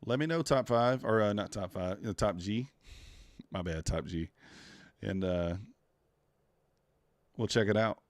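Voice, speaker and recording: A man's voice: lowish voice, measured pace, long pauses, no echo. A man trading futures live on a stream, talking to himself and to the chat, groaning at each loss and muttering over the charts. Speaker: live-streaming day trader.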